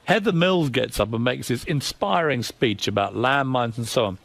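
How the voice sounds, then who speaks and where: A man's voice: mid-range voice, moderate pace, gravelly, a bit bright, no echo. A man with a British accent, a newspaper editor telling cheeky, gossipy stories as a guest in an interview. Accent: British English. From Britain. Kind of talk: anecdotal studio interview.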